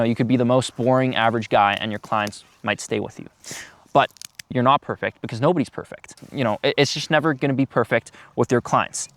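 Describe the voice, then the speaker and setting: An eighteen-year-old man giving business tips in a casual vlog, talking loosely with frequent ums and uhs. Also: mid-range voice. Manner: loose, filler-heavy talk with many ums.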